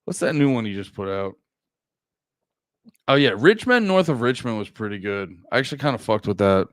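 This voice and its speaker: Young man, podcast host, casual profane rambling, smooth resonant voice, dry close sound. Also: medium pitch, lively intonation, a little fast, no echo. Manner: profane, rambling, self-interrupting, laughs often.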